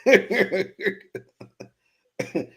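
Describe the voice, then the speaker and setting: A man with a somewhat high, gravelly voice hosts a casual live stream. He reads viewer comments aloud, calls out chatters by name, and keeps the banter profane and full of laughter. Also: expressive, drawn-out words. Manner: joking, profane, laughs often; loose and teasing with chatters by name. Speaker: host of a BMX live show.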